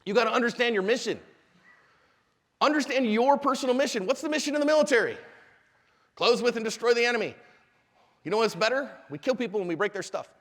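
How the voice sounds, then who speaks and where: High-voiced animated male instructor. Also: fast, long pauses, big-room sound. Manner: animated, asks the audience questions. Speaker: self-defense instructor. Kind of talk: live class lecture.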